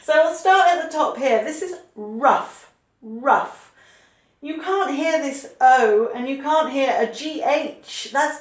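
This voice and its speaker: A high-voiced woman teaches spelling to learners, taking her time and spelling words out letter by letter. She is heard in an echoey room. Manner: patient, explains slowly, spells words out letter by letter. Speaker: English teacher. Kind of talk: online English spelling lesson.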